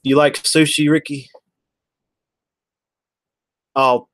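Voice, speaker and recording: A man's voice: lowish voice, fairly even intonation, measured pace, dry recording. A man, chatting casually on a livestream and answering viewers by name in a rambling way. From Texas.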